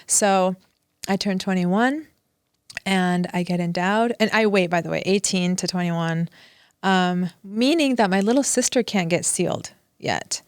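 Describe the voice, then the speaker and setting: A woman's voice: fairly low pitch, unhurried, clear, resonant tone, no room sound, clean studio sound. A woman guest on a podcast, telling a personal family story in conversation and acting out past exchanges. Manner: animated, acts out past dialogue.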